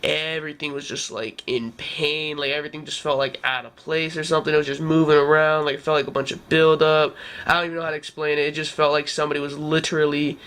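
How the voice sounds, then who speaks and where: A man's voice: fairly high pitch, little pitch movement, quick pace, a bit bright. Young man rambling casually, full of fillers. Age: 20s. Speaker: vlogger. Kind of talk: casual storytelling to camera.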